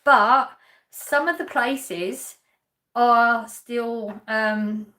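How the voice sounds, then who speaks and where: A woman's voice: a little high, extremely slow, sharp tone. Chatty woman reading stream chat. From Essex, England. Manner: chatty, laughs often, trails off mid-sentence. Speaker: livestream host. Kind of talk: casual chat reading viewer comments.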